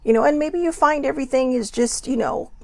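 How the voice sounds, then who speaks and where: A woman hosts her own show, chatting casually about emotions in a motivational way, self-deprecating and full of rhetorical questions. Her voice is high, a little fast, and creaky, with no room sound.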